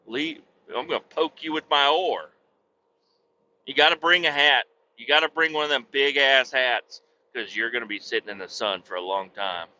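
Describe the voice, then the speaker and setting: A man rambles through a rowdy comic story, swearing freely as he goes. His voice is fairly high with a sharp, bright edge. The podcast audio is dull and lo-fi, with a faint hiss underneath. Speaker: podcast host.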